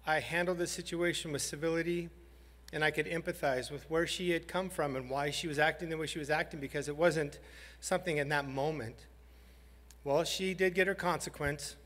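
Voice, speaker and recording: A man's voice: on the high side, a bit bright. Man giving a heartfelt speech in a hall. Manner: heartfelt, slightly halting storytelling. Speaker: high school principal. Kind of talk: banquet speech. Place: large banquet hall. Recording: hall reverb.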